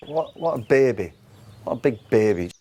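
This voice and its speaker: A man's voice: medium pitch, expressive, normal speed, mellow. A man doing a put-on Irish accent, playing a curt, blunt older ex-footballer outdoors at a camp. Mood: dismissive. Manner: curt, dismissive, teasing. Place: outdoors at a back-garden camp.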